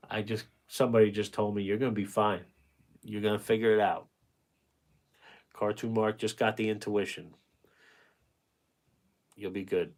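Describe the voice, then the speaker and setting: A man in his forties with a somewhat low voice, chatting casually on a livestream. He reads viewer comments out loud and answers them with frank, rambling advice. He swears freely and often breaks off mid-thought to start over. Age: 40s. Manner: blunt, rambling, swears freely, self-interrupting; gives frank dating advice to viewers by name. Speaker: painting livestream host.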